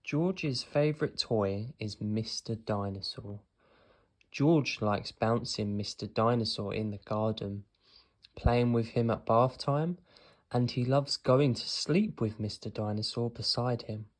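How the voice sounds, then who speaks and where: A man reading a children's picture book aloud as narrator, speaking gently. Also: mid-range voice, slow. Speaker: storybook reader. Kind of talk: children's story read-aloud.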